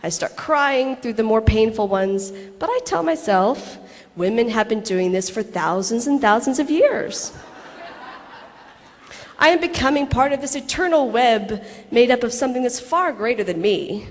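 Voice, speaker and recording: A woman's voice: a little high, normal speed, a little hiss or hum. Woman reading aloud in an echoing hall. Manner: lively storytelling with laughing asides and acted quotes. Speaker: actress reading a personal letter on stage. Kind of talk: reading aloud a personal story to a convention audience. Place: large convention hall.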